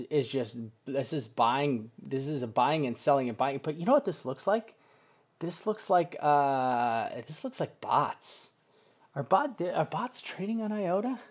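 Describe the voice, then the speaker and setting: A man thinks out loud while casually going over crypto price charts live, rambling, restarting sentences and swearing offhandedly. His voice is medium-pitched and slightly mellow.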